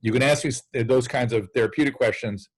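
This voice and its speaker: A man's voice: mid-range voice, fast, poor audio. A man who is a physician, talking candidly and bluntly in an interview over a video call and swearing for emphasis. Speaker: addiction medicine physician on a call-in show.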